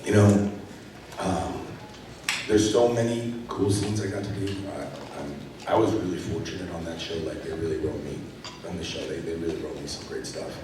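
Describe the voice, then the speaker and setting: A man with a fairly low voice tells stories in a loose, rambling way, full of fillers and restarts. He is picked up from a distance in a large, echoing convention hall, with steady background noise underneath. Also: moderate pace. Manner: rambling, filler-heavy storytelling. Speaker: actor, panel guest. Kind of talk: casual convention panel Q&A. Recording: echoey hall from far off.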